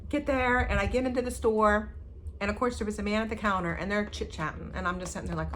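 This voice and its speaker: A woman co-hosting a casual stitching chat, telling stories with lively acted-out quotes. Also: medium pitch, fast talker, a little hiss or hum. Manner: animated storyteller, acts out quotes. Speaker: flosstube co-host.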